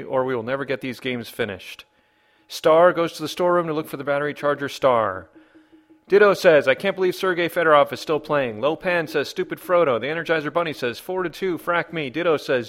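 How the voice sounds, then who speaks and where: A man's voice: a little high, fairly bright tone. A man hosting a podcast who reads listener comments in a joking, rambling way. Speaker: podcast host. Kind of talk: casual podcast banter.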